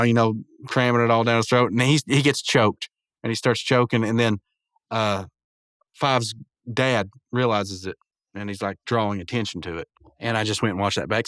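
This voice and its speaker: Male reviewer, mid-pitched, giggly and rambling, self-correcting casual retelling, dry close sound. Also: quick pace, a bit bright, no room sound. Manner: laughs often while retelling. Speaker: show reviewer.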